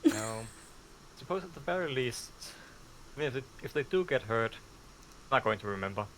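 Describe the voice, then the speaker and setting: A man's voice: medium pitch, animated, moderate pace, fairly bright tone, a little hiss or hum, rough recording. A man playing a tabletop game, chatting with dry, wry remarks. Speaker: player. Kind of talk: casual tabletop chat.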